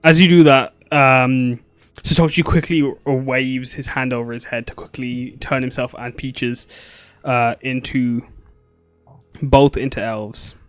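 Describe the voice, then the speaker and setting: A man in the game master's seat, narrating scenes in a loose, rambling way full of ums and restarts. His voice is of ordinary pitch, dry and close to the mic, with faint music playing underneath. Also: fairly even intonation, measured pace, clean tone, no room sound.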